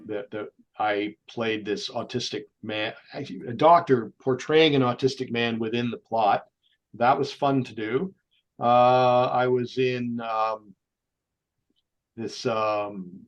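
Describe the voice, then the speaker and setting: A man, speaking as a guest on an interview show. He tells lively stories at a mid-range pitch. He slips into voices whenever he quotes someone. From Canada. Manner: animated raconteur, slips into voices when he quotes people. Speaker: guest actor. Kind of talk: anecdotal storytelling in an interview.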